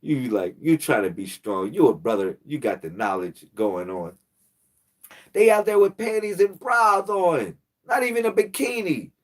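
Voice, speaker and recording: Slow-talking man ranting with laughs. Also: a little high, sing-song. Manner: laughing often, jumps into acted quotes, slangy. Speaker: spiritual channel host. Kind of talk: casual storytelling rant.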